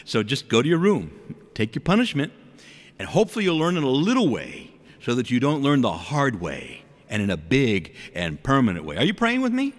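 Male preacher giving a sermon, expressive swooping delivery, asks the congregation questions, big reverberant room. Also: mid-range voice, moderate pace. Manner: animated, with rhetorical questions to the congregation.

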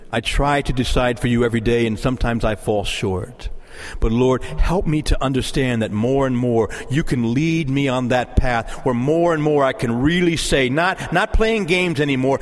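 A man preaching a sermon, animated and pleading as he moves between teaching and prayer. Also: medium pitch, normal speed, few pauses. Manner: lively, rising to impassioned pleading in prayer. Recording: long hall reverb.

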